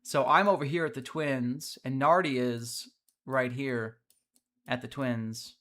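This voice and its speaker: A man's voice: mid-range voice, steady tone, slow, fairly bright tone. A man hosting a mobile strategy game livestream, chatting casually about team builds and reading out viewer messages with easy fillers. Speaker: livestream host. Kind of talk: casual gameplay commentary.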